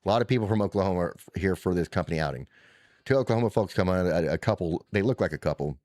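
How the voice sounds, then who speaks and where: Low-voiced man spinning a rambling tale. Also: rapid-fire, dry recording. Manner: rambling, animated, profane, restarts often. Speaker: podcast co-host telling a trip story. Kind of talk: casual storytelling chat.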